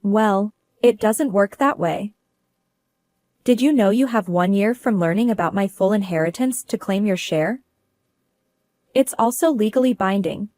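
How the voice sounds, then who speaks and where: A woman's voice: medium pitch, a little slow, a little mellow, no echo. A woman narrating a first-person drama story in a cool, businesslike manner.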